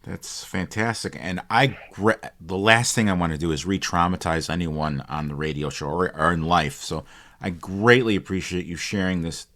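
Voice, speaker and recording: A male radio host interviews his guest in a measured, polite way. His voice sits fairly low. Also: a bit bright.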